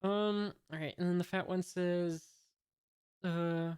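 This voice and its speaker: A man's voice: high-pitched, fairly even intonation, takes it slowly, a little mellow, smooth. A man from the United States reading a comic aloud for the first time, describing each panel and adding hesitant, wry asides. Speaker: manga reader, channel host.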